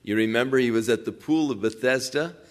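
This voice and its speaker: A man's voice: medium pitch, a little fast. A man preaching, reading scripture aloud and then explaining it, acting out the crowd's remarks as he goes. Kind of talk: verse-by-verse sermon.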